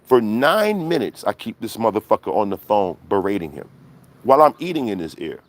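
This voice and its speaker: A man's voice: lowish voice, sing-song, brisk. A man hosting a livestream, ranting bluntly and profanely with lots of rhetorical questions. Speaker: livestream host.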